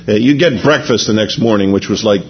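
A man with a lowish voice preaches through a rambling personal anecdote, speaking briskly and casually with plenty of "you know" and restarts. The recording is muffled, with a little hiss or hum.

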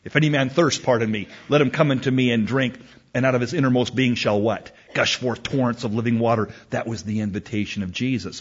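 A man preaching a sermon, reading scripture slowly with emphasis and acting out a back-and-forth exchange. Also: medium pitch, husky. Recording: dull lo-fi recording.

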